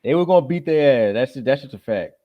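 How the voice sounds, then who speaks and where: A man's voice: medium pitch, lively intonation, quick pace, no echo. A man co-hosting a podcast, talking bluntly in a heated casual debate. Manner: blunt, laughs off disagreement. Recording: dry, muffled lo-fi audio.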